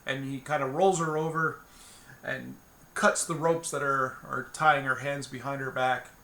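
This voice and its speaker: Slow, bright-voiced man narrating a solo game. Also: mid-range voice, fairly even intonation, gravelly. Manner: loose and rambling, with many restarts and fillers. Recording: roomy echo.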